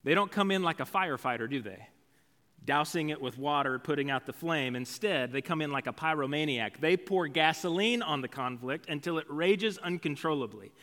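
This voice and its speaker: A man's voice: a little high, animated, normal speed, pushed and bright. A male pastor preaching a sermon in a conversational, storytelling way, with casual asides. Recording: long hall reverb.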